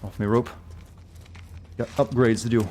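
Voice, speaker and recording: A man's voice: mid-range voice, steady tone, unhurried, dark tone, a little hiss or hum. Rambling joking male game streamer. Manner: rambling, joking, self-deprecating. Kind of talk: casual gameplay commentary.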